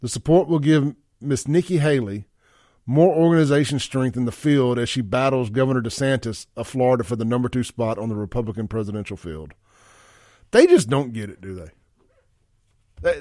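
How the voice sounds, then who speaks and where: A man's voice: mid-range voice, darkish tone, no echo, clean studio sound. A man hosting a talk radio show, giving a blunt, folksy opinion monologue and reading listener texts aloud. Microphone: studio microphone.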